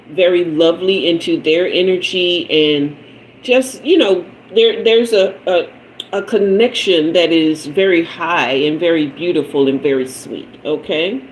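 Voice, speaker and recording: A woman with a somewhat low voice hosts a live tarot stream, chatting easily with viewers and laughing often. She sprinkles endearments like "honey" through her talk, and a faint hum sits behind her. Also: low-quality recording. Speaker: tarot reader and livestream host. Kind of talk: casual livestream storytelling.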